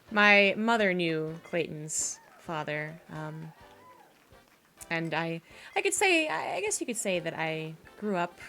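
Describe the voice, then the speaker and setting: A woman's voice: lowish voice, very animated, slow pace, pauses often, pushed and bright, faint music behind, exaggerated voice. A woman voicing a proper, haughty, reserved woman who sounds stiffly polite. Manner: stiff, polite, slightly flustered.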